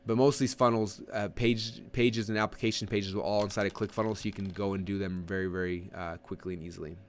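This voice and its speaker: A man in his thirties coaching an online audience through a live webinar walkthrough, rambling with frequent restarts and quick acted-out asides. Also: fairly low pitch, little pitch movement, a little hiss or hum.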